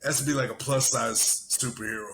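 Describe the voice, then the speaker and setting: A man co-hosting a casual podcast, talking in a profane, rambling, animated way and telling stories. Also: medium pitch, a little fast, slight background noise. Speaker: podcast co-host. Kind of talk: casual chat.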